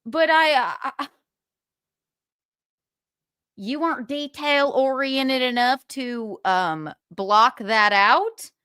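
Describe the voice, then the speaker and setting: A woman's voice: high-pitched, takes it slowly, pauses often, pushed and bright, clear, resonant tone, no room sound, clean studio sound. A young woman hosting a livestream, ranting with profanity and sarcasm. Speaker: podcast host.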